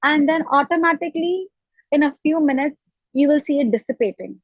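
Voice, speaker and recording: A woman's voice: high voice, brisk, no room sound, phone-quality sound. A woman coach, talking earnestly and repeating phrases as she explains an idea. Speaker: self-love coach, guest. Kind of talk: reflective coaching talk.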